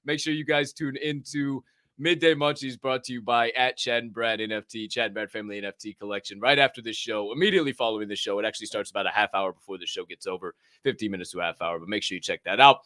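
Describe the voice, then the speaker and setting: A young man hosting a livestream podcast, loud and joking, swearing freely and laughing at himself. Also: medium pitch, fast, no echo, studio quality. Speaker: podcast host. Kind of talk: loose, profane livestream chat.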